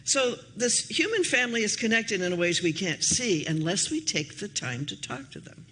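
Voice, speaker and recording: Older woman pastor, chatty storyteller, voice swooping up and down, bright tone. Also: moderate pace, slight background noise. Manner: chatty and anecdotal, with lively shifts in pitch. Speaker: minister. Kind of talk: storytelling sermon. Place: church hall.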